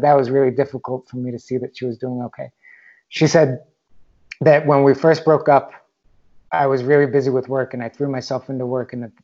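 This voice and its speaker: Brief: candid, reflective male storyteller, even-toned delivery, slightly dull lo-fi recording. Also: medium pitch. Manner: candid, reflective, swears casually. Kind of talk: personal storytelling monologue.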